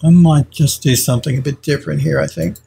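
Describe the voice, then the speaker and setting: Mellow, husky man thinking aloud. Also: fairly high pitch, fairly even intonation, fast. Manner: thinking aloud, hesitant, self-correcting. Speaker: 3D modelling streamer. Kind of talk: live tutorial commentary, reading chat.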